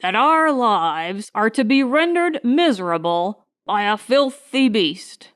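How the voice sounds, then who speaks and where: A woman narrating an audiobook voices a cross, fussy young gentleman who speaks slowly and pompously. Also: on the high side, sing-song, smooth, heavily acted. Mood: indignant. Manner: slow, indignant, pompous.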